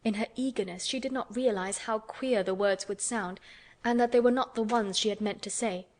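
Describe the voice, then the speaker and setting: A woman narrating an audiobook in a calm, measured way. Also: a little high. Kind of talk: scripted narration.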